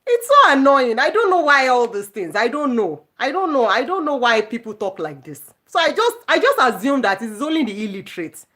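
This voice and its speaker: A woman's voice: on the high side, very animated, fairly quick, hardly any pauses, sharp tone. Indignant woman vlogger ranting to camera. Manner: indignant, repetitive, emphatic. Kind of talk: casual ranting monologue to viewers.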